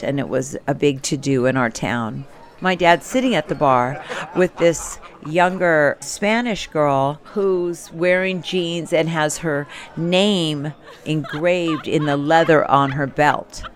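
A woman telling a first-person story from her childhood in a candid, wry, conversational way. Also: deep voice.

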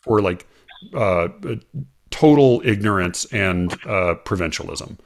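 An American man hosting a casual chat, talking haltingly with many fillers and restarts. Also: on the low side, lively intonation, creaky. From United States.

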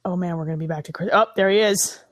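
A woman's voice: on the low side, very fast, dry recording. Woman co-host, snarky and foul-mouthed movie riffer, dry close sound. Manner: sarcastic, swearing, mocking the film. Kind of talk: casual movie commentary.

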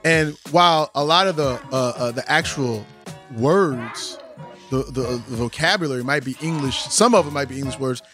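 A man's voice: mid-range voice, moderate pace, a bit bright, soft background music. A man from Texas with a Southern drawl, talking in an emphatic, rambling, slangy way in a casual discussion. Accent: Texan Southern drawl. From Austin, Texas.

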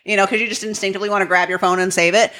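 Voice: mid-range voice, flat delivery, racing, sharp tone. A podcast co-host in casual chat who rambles and fills sentences with "like". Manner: rambling, lots of "like".

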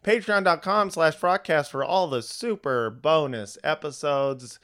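Male podcast co-host, tired and rambling, smooth clear voice, lots of ums. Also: a little high, unhurried, fairly bright tone. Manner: rambling, hesitant, lots of fillers. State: tired, with allergies. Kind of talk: casual podcast chat.

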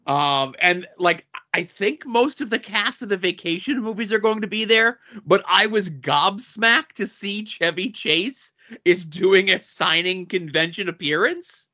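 A bright, fairly high-voiced man co-hosts a casual podcast and works through long guest lists with deadpan asides. His voice comes through dull, lo-fi audio. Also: unhurried. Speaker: podcast co-host.

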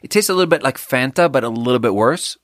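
A man's voice: medium pitch, expressive, quick pace, no echo, studio quality. A man hosting a podcast, chatting on his own while tasting a drink, rambling and mocking himself in an offhand way. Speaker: podcast host. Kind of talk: casual solo drink tasting chat.

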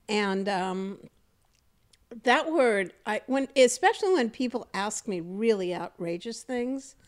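A woman hosting a podcast interview in casual chat, animated and jokey, acting out quoted bits. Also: on the high side, takes it slowly. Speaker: podcast host.

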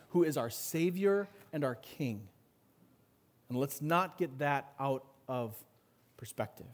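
A man preaching an earnest sermon as pastor, rising in intensity and then dropping low. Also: a little mellow.

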